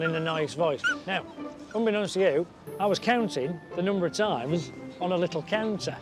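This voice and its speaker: A man's voice: sits high, lively intonation, moderate pace. A man working as a dog trainer, talking frankly and reassuringly as he explains a problem to dog owners on a reality show. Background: background music.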